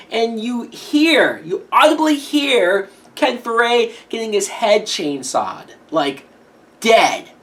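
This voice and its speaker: A woman giving a casual horror movie review, blunt and swearing freely, often laughing as she talks. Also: medium pitch.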